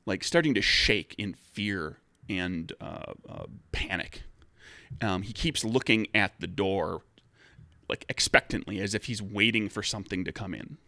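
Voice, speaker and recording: A man's voice: fairly low pitch, a little slow, bright, forceful tone, no room sound. A man narrating as game master, explaining rules at length with many fillers and restarts.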